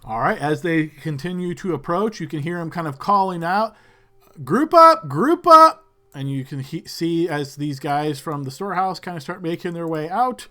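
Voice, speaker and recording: A man's voice: a little high, normal speed, few pauses, a bit bright. A man narrating as game master for a tabletop role-playing game, describing scenes in a loose way with many fillers.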